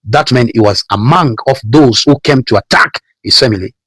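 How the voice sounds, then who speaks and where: A man's voice: medium pitch, moderate pace, fairly bright tone, slightly rough, no echo, rough recording. A man preaching a sermon, repeating phrases and building emphasis as he calls out Bible verses. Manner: preaching with repetition and rising emphasis. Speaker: pastor.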